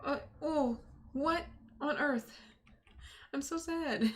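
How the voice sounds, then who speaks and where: High-voiced woman reacting to a game. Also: very slow, pauses often, a little hiss or hum. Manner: emotional, giggly reactions. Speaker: gaming channel host. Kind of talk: casual game commentary.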